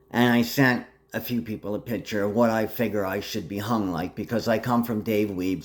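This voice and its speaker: A man delivering a rambling, agitated monologue full of threats, jumping between topics. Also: lowish voice.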